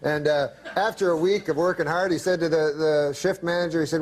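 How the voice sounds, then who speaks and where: A male comedian telling a long, rambling story in a deadpan way, halting, with many fillers. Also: on the high side, a little hiss or hum.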